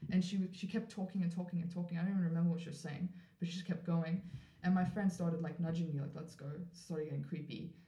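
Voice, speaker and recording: Woman from South Africa, podcast guest. Lowish voice, animated storyteller, lots of "like", roomy echo. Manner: animated, acts out quoted voices, frequent "like" fillers. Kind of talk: storytelling in a casual interview. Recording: roomy echoey room.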